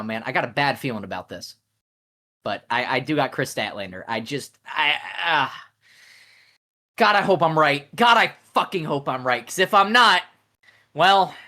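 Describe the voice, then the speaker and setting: A man co-hosting a podcast, talking passionately with frequent swearing, swinging between loud and soft. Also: a little high. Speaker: podcast co-host. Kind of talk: casual podcast chat.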